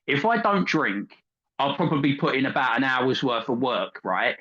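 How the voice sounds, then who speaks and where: Crude guy rambling, bright sharp voice, dull lo-fi sound. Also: mid-range voice, sing-song, normal speed. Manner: bawdy, rambling, says "right?" and "mate" a lot. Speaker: podcast co-host. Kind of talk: crude casual banter.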